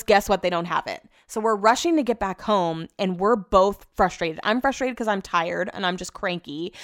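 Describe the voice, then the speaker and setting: A young woman tells a long, meandering story in an easy, conversational way, dotted with likes and self-corrections. Her voice sits at a middling pitch for a woman. The sound is close and dry, with no room echo, recorded in her home office. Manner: chatty, rambling with many likes and restarts. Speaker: vlogger. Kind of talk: casual storytelling.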